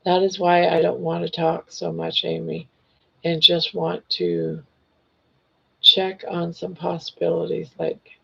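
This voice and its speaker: Hoarse, gravelly older woman. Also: fairly low pitch, little pitch movement, slow. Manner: gentle, reassuring. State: hoarse, losing her voice. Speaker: livestream host. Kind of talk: casual chat reading viewer comments. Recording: dull lo-fi livestream audio.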